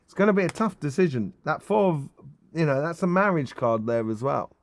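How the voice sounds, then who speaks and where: A man's voice: a little high, lively intonation, brisk. A middle-aged man giving a casual tarot reading, enthusiastic and rambling, with many ums and restarts. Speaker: tarot reader.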